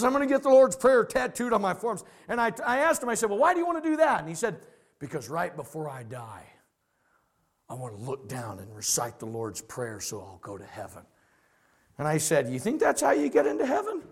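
A man preaching as pastor at a midweek Bible study, telling stories in a lively conversational way. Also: a little high.

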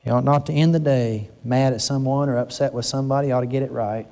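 An older man preaching a conversational sermon, earnest and emphatic, slowing down to stress his words. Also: mid-range voice, steady tone, vocal fry, warm tone.

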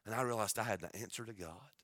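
A male pastor preaching a sermon, moving between quiet storytelling and loud, shouted exhortation. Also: fairly low pitch, fast talker, no echo, clean studio sound.

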